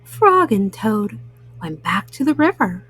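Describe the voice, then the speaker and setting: A woman reading bedtime stories aloud to children in a gentle, soothing way. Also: mid-range voice, big pitch swings, takes it slowly, slightly rough, poor audio. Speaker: children's storyteller.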